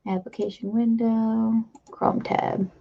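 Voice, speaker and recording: A woman hosting a live stream in a loose, rambling way, dropping self-deprecating asides as she goes. Her voice carries a gravelly fry. The audio is a bit dull and lo-fi, like a basic home stream mic. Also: a little high, flat delivery, slow, dark tone. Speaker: streamer host. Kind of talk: casual live-stream chat.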